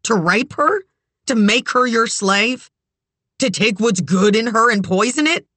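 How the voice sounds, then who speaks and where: A reader plays a desperate, wounded woman pleading for a child in an audiobook. Her lines come slowly and turn raised and tearful, set against a dry, close recording. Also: mid-range voice, expressive, a bit bright, no echo. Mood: anguished. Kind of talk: audiobook character voice.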